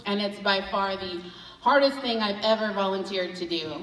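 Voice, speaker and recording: A woman performing a stand-up comedy set at a luncheon, telling animated stories about her family and acting out their voices. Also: medium pitch, normal speed. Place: event hall at a luncheon. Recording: roomy hall, voice from far off.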